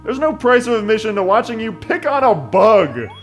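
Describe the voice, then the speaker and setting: A man's voice: sits high, sing-song, normal speed, soft background music. A young man giving casual let's-play commentary, full of jokey, sarcastic asides.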